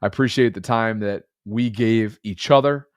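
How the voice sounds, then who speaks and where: A man's voice: on the low side, normal speed, clear, resonant tone, no room sound, studio quality. A man in his thirties co-hosting a podcast, congested and under the weather, talking in a rambling, earnest, reflective way. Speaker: podcast co-host. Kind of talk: casual chat.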